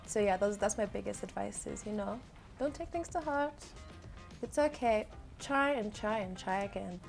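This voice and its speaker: A woman's voice: mid-range voice, lively intonation, moderate pace, vocal fry, faint music behind. A young woman from Zambia, an actress and model, chatting casually as an interview guest with light humour and frequent laughs.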